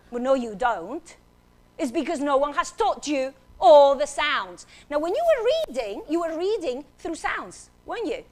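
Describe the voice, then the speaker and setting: A woman's voice: sits high, very animated, unhurried, darkish tone. A woman giving a talk on phonics, playful and theatrical, leading the audience to repeat sounds. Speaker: phonics teacher and speaker. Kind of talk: animated talk with classroom demonstration. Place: stage before an audience.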